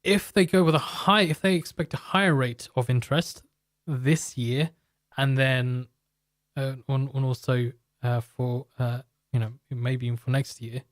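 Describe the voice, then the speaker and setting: A man's voice: mid-range voice, steady tone, measured pace, dry recording, clean studio sound. A man hosting a live market stream, explaining in a loose, rambling way and joking with chat viewers. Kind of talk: live market commentary and product pitch.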